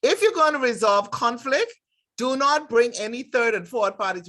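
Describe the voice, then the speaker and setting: A woman's voice: a little high, lively intonation, measured pace, sharp tone. Middle-aged woman, direct instructor, emphatic lecture delivery. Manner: emphatic, direct, acts out workplace dialogues. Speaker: nursing instructor. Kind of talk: lecture with acted examples.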